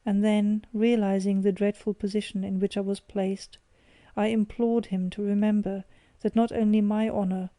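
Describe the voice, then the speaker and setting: A woman narrating an audiobook in a measured, expressive reading. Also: mid-range voice, no room sound.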